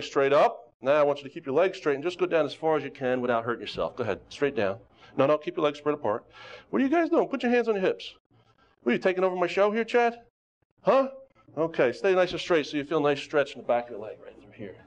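A jokey karate instructor calls out warm-up moves and ribs his students as he goes. His voice sits in an ordinary middle range. The recording is dull and lo-fi, like an old local TV studio tape. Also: mid-range voice. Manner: jokey, teasing coach calling out exercises. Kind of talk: leading a warm-up on a local TV show.

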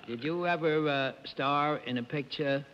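A man at a middle pitch questions a guest on a 1950s panel show, pausing with a lot of "uh"s. The broadcast is dull and faintly hissy, with studio reverb. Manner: halting, with many "uh"s.

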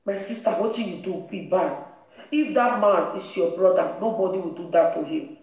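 A woman's voice: fairly low pitch, moderate pace, a little mellow. A woman with a Nigerian Pidgin English accent, hosting a live-stream commentary and lecturing another woman in a scolding, preachy way. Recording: very echoey room.

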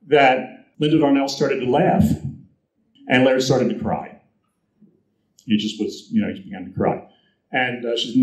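A male guest speaker giving a storytelling presentation at a convention, lively and anecdotal, acting out the quotes he tells. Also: medium pitch, a little slow, pauses often. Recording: roomy echo, captured from the audience.

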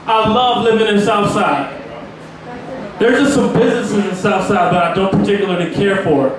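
High-voiced profane man, far off in an echoey pub crowd. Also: moderate pace. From Virginia, US. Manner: brash, profane, laughs at his own jokes. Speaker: stand-up comedian. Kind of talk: open mic stand-up comedy. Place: small pub with a live crowd.

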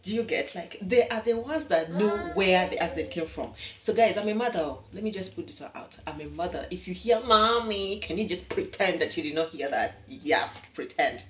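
Speaking at a normal speed with hardly any pauses, this Kenyan vlogger has a fairly low voice and a Kenyan accent. She's chatty, animated and playful with her viewers, laughing frequently during her casual to-camera chat. The highs are cut off, and the distant mic picks up an echoey room.

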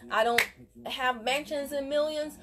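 A woman's voice: high voice, a little slow, a bit bright. A woman network marketing coach giving an emphatic, preachy motivational talk while unboxing on a casual vlog, recorded on a phone at home. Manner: emphatic, preachy, motivational, addresses viewers as y'all. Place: room at home.

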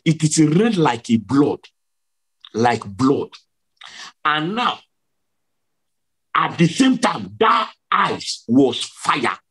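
A man preaching a dramatic testimony, pressing each point by saying it again and again. His voice sits high and leaps around in pitch. It has a husky grain to it. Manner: emphatic, repetitive, dramatic storytelling. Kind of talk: sermon testimony.

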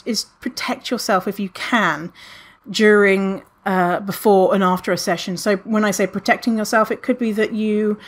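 A woman hosting a podcast, talking candidly and casually to listeners, with many fillers and lively retellings. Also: medium pitch. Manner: candid, chatty, frequent fillers, animated when retelling. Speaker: podcast host answering listener questions.

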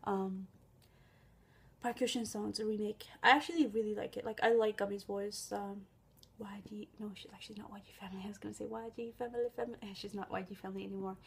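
A woman's voice: mid-range voice, steady tone, fast, gravelly, slight background noise. A young woman talking casually as she reacts to a music video, chatty and exclamatory, swearing freely. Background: faint music video playing.

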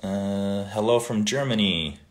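Low-voiced man chatting on a livestream. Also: a little slow. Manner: relaxed, reads greetings aloud and drops into Italian phrases. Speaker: livestream host answering viewers. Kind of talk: casual live chat reading viewer comments.

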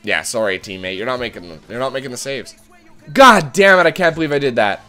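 A man hosting let's-play commentary of a hockey video game, excitable, who swears and shouts at the game. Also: mid-range voice, quick pace, faint music behind. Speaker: gaming channel host.

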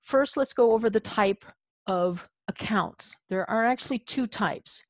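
Woman teaching a training webinar, casual and chatty, bit high voice, dry sound. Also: unhurried, dry recording. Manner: chatty and informal, with frequent fillers and "okay?" check-ins. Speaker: adult education trainer. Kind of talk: instructional webinar presentation.

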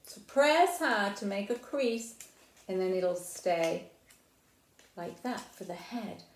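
A woman's voice: medium pitch, expressive, slow pace. A middle-aged woman presenting a children's library program, explaining crafts and experiments step by step and asking the viewer friendly questions. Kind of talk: hands-on craft and science lesson for kids. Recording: echoey room.

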